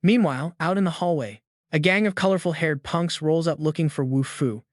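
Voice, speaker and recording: A man's voice: fairly high pitch, fairly quick, dry recording, studio quality. A man narrating a comic recap with punchy, emphatic storytelling.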